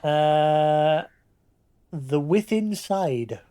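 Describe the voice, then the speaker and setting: Slow, playful woman streamer. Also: low voice, lively intonation, warm tone, smooth. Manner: playful, teasing, talks to the screen. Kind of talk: casual gameplay commentary.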